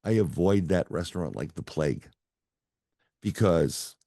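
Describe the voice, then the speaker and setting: A man's voice: deep voice, animated, unhurried, warm tone, no room sound. A middle-aged man, a psychic medium, telling a rambling story over a video call and acting out the other people's lines. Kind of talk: casual storytelling interview.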